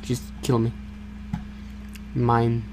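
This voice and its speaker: A young man hosting a gaming channel, giving excitable, jokey play-by-play commentary with stammered repeats and sudden yelps. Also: mid-range voice, drawn-out words, a little hiss or hum. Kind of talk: casual gameplay commentary.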